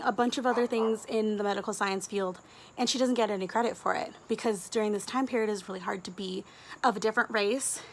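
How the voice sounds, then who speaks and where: A woman, a book vlogger talking casually to camera, gushing and chatty with quick asides and giggles. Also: a little high, fairly bright tone, slight background noise.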